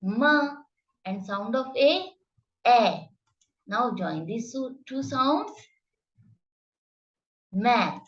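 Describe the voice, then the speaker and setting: A woman with a fairly high, sing-song voice leads a children's phonics lesson at a very slow, drawn-out pace. She enunciates every sound with care and keeps her tone encouraging. The recording is a little dull and lo-fi. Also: lively intonation, fairly bright tone. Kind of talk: slow, exaggerated phonics teaching.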